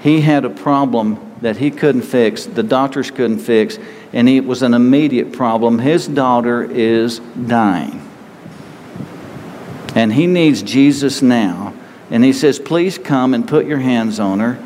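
A man's voice: medium pitch, slow, darkish tone. A man preaching a sermon in an earnest, conversational way, acting out pleading voices as he retells the story. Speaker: pastor. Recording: hall reverb with faint ambient noise.

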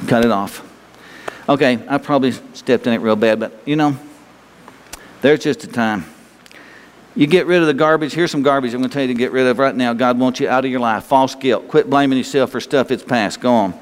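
A male pastor preaching in a folksy, exhorting way and calling on the room to answer back. His mid-pitched voice carries a long, lingering reverb from the church sanctuary. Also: brisk. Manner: folksy, exhorting, urges the congregation to speak along. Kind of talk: sermon.

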